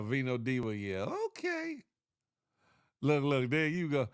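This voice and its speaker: A man's voice: mid-range voice, measured pace, clean tone, no room sound. Tired congested guy chatting on his morning show, laid back, laughs a lot, dry close mic. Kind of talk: casual live-stream chat reading viewer comments.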